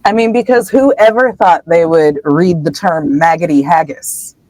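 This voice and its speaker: A woman co-hosting a casual book podcast, retelling a chapter expressively and jumping into high voices for the characters she quotes. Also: moderate pace, darkish tone, no room sound, rough recording. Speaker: podcast co-host.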